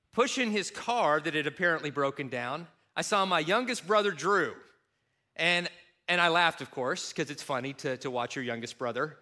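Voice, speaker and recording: A middle-aged man from Kentucky preaching a sermon, mixing funny personal stories with scripture. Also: fairly high pitch. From Kentucky, USA. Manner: animated, self-mocking humor with quoted voices. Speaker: pastor. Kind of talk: sermon with storytelling.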